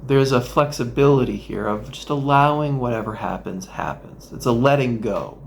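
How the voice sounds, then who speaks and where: Male therapist, gravelly mid-range voice, gentle instructional guide with playful asides. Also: mid-range voice, normal speed, slight background noise. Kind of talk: instructional talk with guided exercise.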